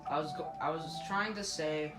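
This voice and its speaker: A gaming YouTuber with a fairly high voice comments casually on a game at normal speed, rambling and often restarting or correcting himself. The room sounds roomy, and game music plays behind him.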